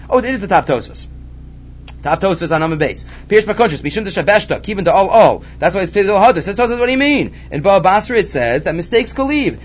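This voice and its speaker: A man teaching a Talmud lesson, animated and repeating his key points. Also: sits high. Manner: animated, repeats key points, mixes Hebrew and Aramaic terms. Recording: dull lo-fi recording with faint background noise.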